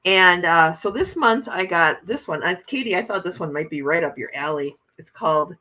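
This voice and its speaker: A woman's voice: on the low side, expressive, moderate pace, few pauses, bright, forceful tone, rough recording. A woman hosting a casual morning livestream, chatting with viewers and reading their comments aloud as she shows oracle card decks.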